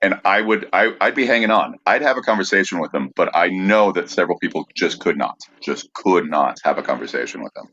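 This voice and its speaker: Deep-voiced male podcast host, relaxed, muffled lo-fi mic. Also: brisk, hardly any pauses. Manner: relaxed, agreeable, storytelling. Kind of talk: casual chat. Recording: dull lo-fi mic.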